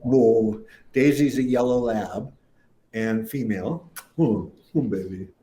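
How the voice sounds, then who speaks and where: A man's voice: mid-range voice, slow, dark tone. Older guy rambling thru a story, does little voices for people he quotes. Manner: rambling anecdotal, acts out quotes. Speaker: guest musician. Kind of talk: casual storytelling interview.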